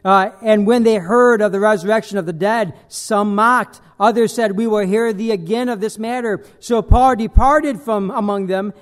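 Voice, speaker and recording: Male pastor, high-pitched, emphatic sermon delivery with loud peaks and hushed asides. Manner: emphatic preaching with sudden loud bursts and dropped quiet lines.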